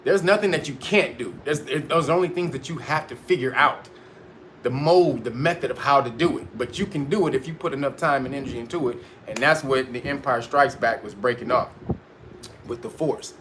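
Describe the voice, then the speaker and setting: Male livestream host, mid-pitched, casual, profane and emphatic, laughs a lot, faint background noise. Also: a little fast, fairly bright tone.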